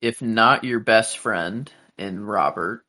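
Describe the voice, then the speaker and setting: A man's voice: on the low side, takes it slowly, sharp tone. A man co-hosting a podcast, chatting casually in a musing, hesitant way. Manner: musing, hesitant, many fillers and restarts. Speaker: podcast co-host. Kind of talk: casual chat.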